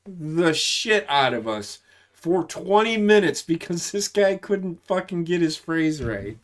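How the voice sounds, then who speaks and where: A man in his forties with a somewhat high voice tells stories from his army days in loose, casual chat. He swears freely and rambles, then grows animated as a story builds. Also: unhurried. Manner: profane, rambling, animated when telling stories. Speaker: army veteran guest.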